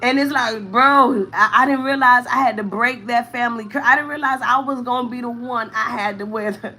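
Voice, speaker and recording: Woman, 30s, bright forceful voice; candid live-stream venting to viewers. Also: on the high side, fairly quick, hardly any pauses. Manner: candid, venting, thanks commenters, near tears at times. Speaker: vlogger, mother of four.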